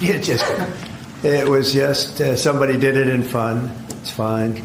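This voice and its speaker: A man answering press questions, halting and repeating words in a dismissive way. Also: medium pitch, steady tone, noisy background. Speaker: politician taking press questions.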